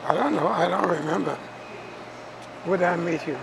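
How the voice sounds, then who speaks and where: Elderly man, 80s, hesitant and questioning, documentary subject, higher voice. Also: moderate pace, creaky, noisy background. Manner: confused, questioning. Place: nursing home.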